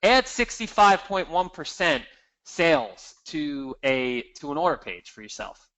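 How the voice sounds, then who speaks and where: A man giving an energetic, emphatic marketing seminar, walking the audience through slides. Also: fairly high pitch, measured pace, rough recording. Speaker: marketing presenter.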